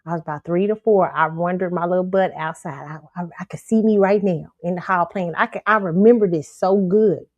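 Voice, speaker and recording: Talking a little fast with few pauses, a woman with a fairly low, darkish voice hosts her show and tells viewers a story in an insistent, emphatic way, frequently repeating points. The recording is dry and muffled.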